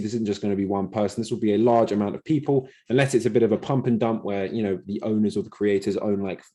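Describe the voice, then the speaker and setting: A man's voice: mid-range voice, mellow. A man hosting an investing channel, explaining a point to camera emphatically and repeating words for stress. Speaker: crypto channel host.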